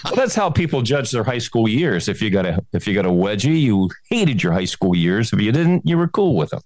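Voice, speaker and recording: A man's voice: on the low side, brisk, no room sound. A man co-hosting a casual podcast, joking and laughing often. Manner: jokey, laughs often, lively delivery. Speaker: podcast co-host. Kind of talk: casual chat.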